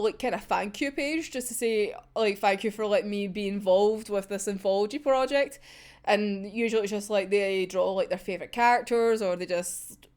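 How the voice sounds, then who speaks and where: A young woman chatting casually about manga, rambling, swearing freely and giggling often. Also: fairly high pitch. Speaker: manga reviewer. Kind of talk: casual chat.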